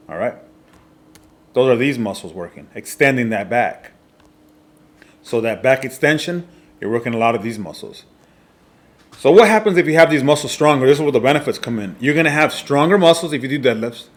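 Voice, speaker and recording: A male fitness coach giving a slide presentation lesson, speaking in an emphatic, deliberately repetitive way with frequent check-ins to his listeners. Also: medium pitch, expressive.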